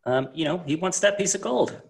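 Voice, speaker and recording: A man's voice: a little high, animated, fairly quick, gravelly. A man co-hosting a podcast, chatting casually about a horror movie in an easygoing way, laughing often. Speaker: podcast co-host. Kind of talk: casual movie recap chat.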